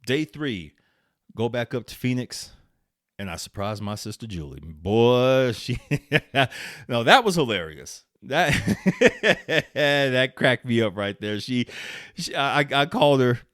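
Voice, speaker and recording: A man's voice: mid-range voice, animated, takes it slowly, fairly bright tone, dry recording, clean studio sound. A middle-aged man from Arizona hosting his vlog, telling a casual story with free swearing, frequent laughs and many restarts. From Arizona, USA. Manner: chatty, swears freely, laughs often, restarts sentences. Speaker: vlog host.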